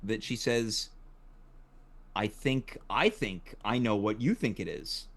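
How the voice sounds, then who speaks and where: A man's voice: lowish voice, expressive, takes it slowly, gravelly. A man hosting a comedy talk show, wry and teasing, with a dry conversational delivery. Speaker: host.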